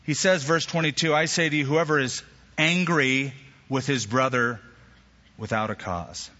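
A man preaching a sermon as pastor, animated, with sudden jumps in pitch and acted-out quotes. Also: normal speed. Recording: echoey hall, slightly dull sound.

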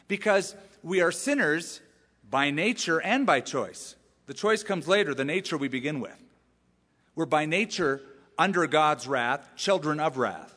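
A male pastor delivers a sermon in an easy, conversational style, often turning to rhetorical questions. His voice sits a little higher than most men's. It echoes with the long reverb of a large church sanctuary. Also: lively intonation, moderate pace, a bit bright.

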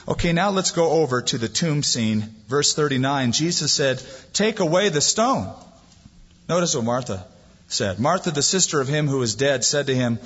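A man preaching a sermon, animated as he acts out the voices in the story. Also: mid-range voice, moderate pace, breathy edge. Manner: lively preaching, acting out quoted voices. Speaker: pastor. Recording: dull lo-fi sound, long hall reverb.

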